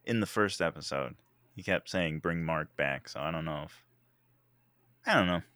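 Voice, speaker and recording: Low-voiced joking man, casual chat. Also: normal speed, dry recording, studio quality. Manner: joking, animated, playful grumbling.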